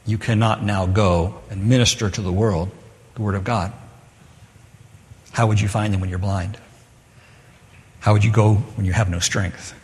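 A man preaching a sermon in a casual, talky way, turning loud and emphatic when he reads scripture aloud. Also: fairly low pitch, steady tone, moderate pace, long pauses. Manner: conversational, switching to loud emphatic scripture reading. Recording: long echo of a large hall.

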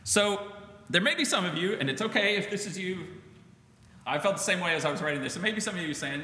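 A man preaching a sermon as pastor, in a conversational, animated style, acting out what people say. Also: sits high, fairly quick. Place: church sanctuary. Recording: echoey church hall, faint ambience.

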